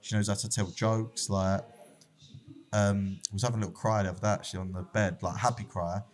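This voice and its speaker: Low-voiced man, candid and heartfelt. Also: level tone, brisk. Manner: open, candid, heartfelt storytelling. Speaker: barber shop founder, guest. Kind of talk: casual podcast conversation.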